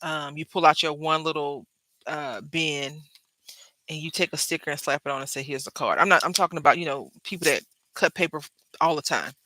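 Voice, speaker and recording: A woman's voice: sits low, fairly quick, pushed and bright, no room sound. A woman hosting her crafting channel, chatting casually to viewers while she works at her craft desk. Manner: chatty, talks straight to viewers and chat, laughs often.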